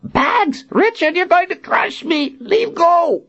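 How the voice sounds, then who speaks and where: A squeaky fussy old wizard. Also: male voice, animated, takes it slowly, fairly bright tone, highs cut off, full character voice. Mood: fussy excited. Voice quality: high, thin, squeaky. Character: frail excitable old male wizard, fussy.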